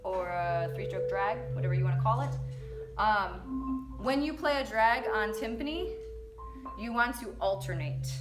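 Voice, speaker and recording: A woman's voice: medium pitch, echoey room. A woman teaching a percussion lesson, counting and singing rhythms aloud in an upbeat, breezy way.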